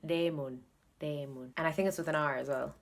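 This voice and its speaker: Low-voiced Irish woman chatting on her vlog. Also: rapid-fire, creaky. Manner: chatty, thinks aloud, repeats words to practise. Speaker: video blogger learning Korean. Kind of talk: casual study vlog.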